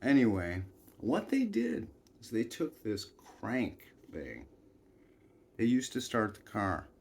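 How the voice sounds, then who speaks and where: A man's voice: on the low side, wildly swooping pitch, takes it slowly, creaky, slight background noise. A man telling a meandering personal story in a folksy style, with asides and chuckles.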